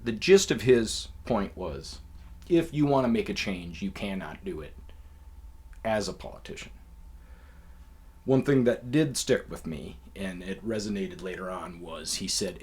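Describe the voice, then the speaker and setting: A man with a fairly low voice tells a story in a loose, meandering way. He swears freely and keeps stopping on "uh" and "um" as he talks, like a host chatting off the cuff. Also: lively intonation, measured pace, a little mellow. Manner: profane, loose and conversational with many fillers. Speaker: podcast host. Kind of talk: casual rambling storytelling.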